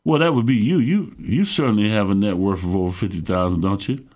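A middle-aged man with a gravelly voice preaching a sermon, fervent and emphatic, calling out to his listeners. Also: lowish voice, brisk, darkish tone. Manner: fervent, emphatic preaching with call-outs to the congregation. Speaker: pastor.

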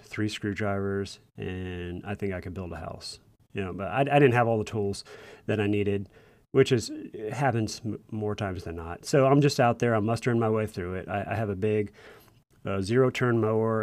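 A man with a somewhat low voice tells a personal story in a folksy, earnest way, stumbling and restarting as he goes. He speaks to first responders. The sound is dry and close, with no room echo. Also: darkish tone. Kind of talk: casual storytelling monologue.

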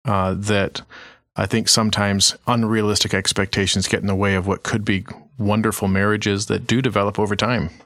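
Man, podcast host, lowish voice, measured and thoughtful, dry recording. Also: little pitch movement, a bit bright, no echo. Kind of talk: casual podcast discussion.

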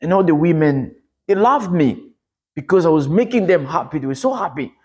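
This Congolese man, from the Democratic Republic of Congo, preaches his testimony as earnest storytelling, with pitch climbing at dramatic points. His intonation is lively and his pace moderate, and the voice is a little mellow and slightly rough.

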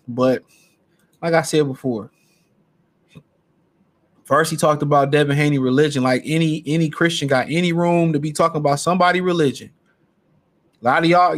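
A man's voice: on the high side, moderate pace, long pauses, a bit bright. Brash, profane male podcast host. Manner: brash, profane, boastful trash talk. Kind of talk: casual solo podcast rant.

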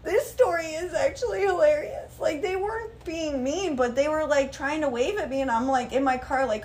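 Animated swearing woman telling stories. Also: high voice, moderate pace, few pauses. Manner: animated storyteller, swearing, acting out quotes. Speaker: guest model. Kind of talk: casual chat.

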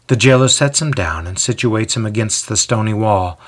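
Low, husky male storyteller. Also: normal speed, a bit bright. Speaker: narrator. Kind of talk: scripted storybook narration.

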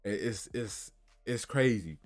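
A man's voice: lowish voice, takes it slowly. A man talks heatedly in casual commentary. He repeats phrases and keeps checking in with his listeners. Faint music plays underneath. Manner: heated, repetitive, frequent "you feel me". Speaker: commentator retelling a news story.

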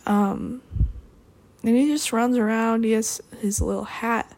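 Young adult woman, mid-pitched, deadpan rambler with dry throwaway asides. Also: unhurried. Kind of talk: rambling solo monologue.

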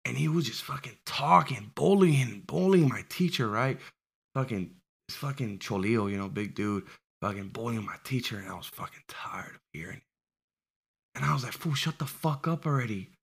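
A man in his twenties telling a story in casual, profane chat, lively and laughing as he goes. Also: medium pitch, normal speed, vocal fry, slightly rough. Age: 20s. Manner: animated, profane, laughs while telling stories.

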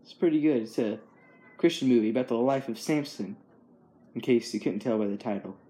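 A man's voice: mid-range voice, brisk, warm tone. A young man chatting casually as host, easygoing and rambling, with frequent chuckles. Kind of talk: casual chat.

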